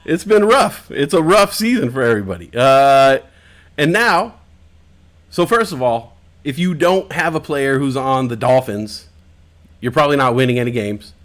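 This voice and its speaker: A man hosts a live-stream talk show from home using headphones and a desk mic. His medium-pitched, slightly bright voice is expressive at a moderate pace as he chats casually, rambling through jokes and swearing plenty.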